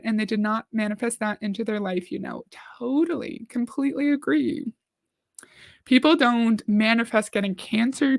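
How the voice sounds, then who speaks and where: A woman's voice: mid-range voice, no echo. A woman hosting a livestream, chatting casually, reading out viewer comments and reacting to a video.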